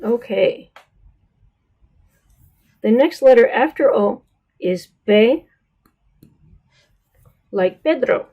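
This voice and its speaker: A woman's voice: fairly high pitch, animated, extremely slow, long pauses, breathy edge, phone-quality sound. A woman with an American accent teaching pronunciation, patient and careful, stretching out model words and checking in with "right?". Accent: American English. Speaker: Spanish teacher. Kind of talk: slow, careful pronunciation lesson.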